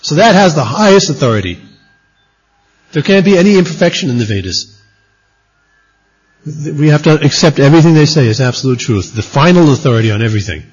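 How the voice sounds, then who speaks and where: A man's voice: a little high, expressive, brisk, pauses often, slightly rough. A man teaching a scripture lecture as a religious teacher, emphatic and repeating his key points. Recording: dull lo-fi recording.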